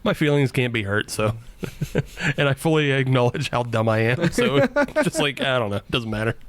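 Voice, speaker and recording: A man's voice: mid-range voice, big pitch swings, moderate pace. A man co-hosting a beer podcast in casual chat, laughing often and mocking himself. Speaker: podcast co-host.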